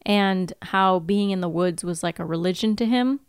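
Woman co-host, casual and outspoken, smooth resonant tone, dry room. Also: lowish voice, moderate pace, no echo. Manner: animated, opinionated, swears casually. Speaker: podcast co-host. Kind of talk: casual chat about a TV show.

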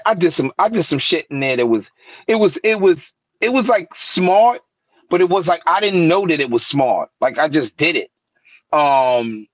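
A guest rapper from New York tells stories in a lively, casual interview, his voice higher than most men's and jumping up in pitch whenever he quotes someone. He's on a remote call mic, so the sound is dull, lo-fi, dry, and close.

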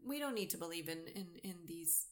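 A woman's voice: lowish voice, lively intonation, fairly quick. A woman co-hosting a casual talk show, making dry, wry remarks. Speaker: podcast co-host. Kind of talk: casual chat.

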